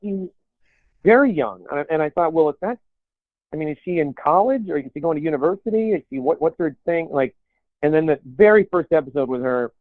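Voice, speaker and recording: Guy rambling on his podcast, kinda high voice, tinny dry sound. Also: brisk, no echo. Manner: rambling, animated, lots of restarts and put-on quotes. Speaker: podcast co-host. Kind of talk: casual chat.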